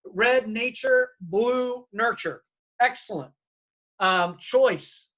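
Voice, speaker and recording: A man's voice: very high voice, drawn-out words. A middle-aged man giving a diversity workshop, telling stories and acting out the people in them. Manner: animated, acts out quoted dialogue. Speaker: diversity trainer.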